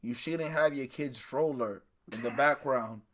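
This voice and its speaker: A man's voice: medium pitch, measured pace. A man co-hosting a casual podcast, telling stories with slang and acting out the people he quotes. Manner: animated storytelling with slang, acts out quoted voices. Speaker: podcast co-host. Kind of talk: casual chat.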